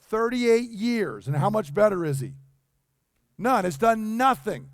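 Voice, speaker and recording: A man's voice: high voice, lively intonation, a little slow, dry recording, clean studio sound. A man preaching a sermon in a conversational way, acting out the dialogue he quotes. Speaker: pastor.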